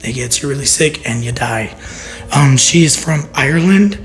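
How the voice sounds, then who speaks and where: A man co-hosting a podcast in casual chat, joking and rambling with plenty of swearing, his voice hoarse and half gone. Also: mid-range voice, lively intonation, moderate pace, faint music behind. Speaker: podcast co-host.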